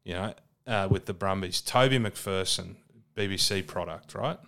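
A middle-aged Australian man talks rugby on a casual podcast, blunt and laid-back and swearing freely. His voice sits low and comes through smooth and clear, with an easy, unhurried delivery. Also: a bit bright. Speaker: podcast co-host. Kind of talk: casual sports chat.

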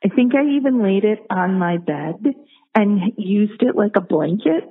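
A woman in her fifties with a New York accent tells her story in a chatty, self-mocking way. Her voice comes through thin and phone-like, as if on a tinny line. She sits right in the middle range for pitch. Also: expressive, moderate pace, husky. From Rochester, New York. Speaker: listener sharing a story. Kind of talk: recorded personal anecdote. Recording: tinny phone-quality recording.

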